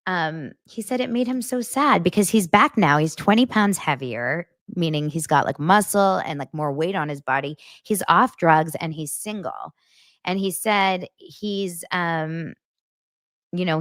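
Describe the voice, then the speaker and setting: A woman's voice: on the low side, a bit bright, dry recording, studio quality. A woman hosting a casual gossip podcast, reading viewer comments and laughing and gushing over them.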